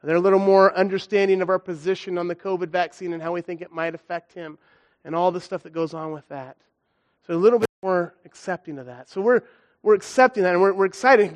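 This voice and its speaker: High-voiced guy preaching, earnest and chatty, telling his own story. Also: lo-fi sound. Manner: earnest, conversational, emotional swings. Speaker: guest preacher. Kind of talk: sermon with personal testimony.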